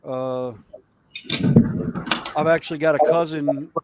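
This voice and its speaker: Man spinning jokes and anecdotes, higher voice. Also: fairly even intonation, heavy background noise. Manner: storytelling, telling jokes with many pauses and fillers. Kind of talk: casual chat on a livestream.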